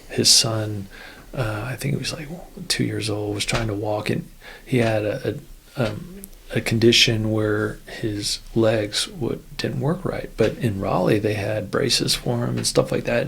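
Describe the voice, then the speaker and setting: A man's voice: lowish voice, creaky, slight background noise. A man, a former Air Force officer, tells a story in a casual interview, rambling with many restarts. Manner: rambling, full of "you know" and restarts.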